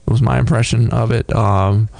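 Gravelly, halting man talking beer. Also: fairly low pitch, steady tone, a little mellow, dry recording. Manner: thoughtful, halting, many fillers and restarts. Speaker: podcast co-host reviewing beer. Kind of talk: casual tasting chat.

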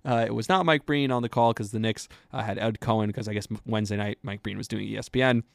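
A man hosting a podcast, telling sports stories in a chatty, excited way with lots of fillers. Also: on the low side, quick pace, creaky, no echo, clean studio sound. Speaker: podcast host. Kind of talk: casual sports talk.

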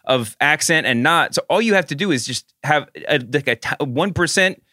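A man's voice: a little high, animated, normal speed, sharp tone, no room sound, clean studio sound. A man from the American South co-hosting a podcast, chatting casually in rambling bursts with frequent restarts. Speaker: podcast co-host. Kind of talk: casual chat.

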